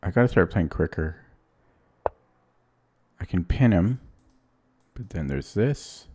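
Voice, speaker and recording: A man talks through his chess game live, in halting bits of thought and worried asides. His voice sits fairly low and he speaks slowly, often pausing mid-sentence to think. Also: animated, darkish tone, slightly rough. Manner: anxious, thinks aloud in short fragments. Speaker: chess streamer. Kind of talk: live commentary while playing online chess.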